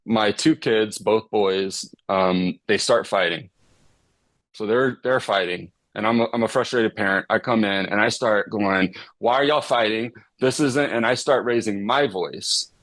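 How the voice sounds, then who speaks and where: A middle-aged man, a psychotherapist guest explaining ideas with everyday examples in a relaxed podcast chat. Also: fairly low pitch, unhurried, no room sound.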